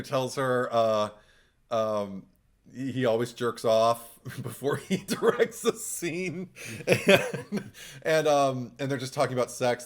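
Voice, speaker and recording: A man co-hosting a podcast in casual film talk, animated, acting out his own reactions in quoted asides and laughing often. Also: on the low side. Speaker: podcast co-host.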